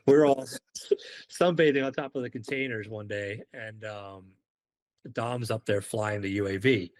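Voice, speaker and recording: A man from the United Kingdom, a former Marine on a podcast, telling stories casually and acting out the dialogue. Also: fairly low pitch. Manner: animated, acts out quoted dialogue. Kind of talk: casual storytelling.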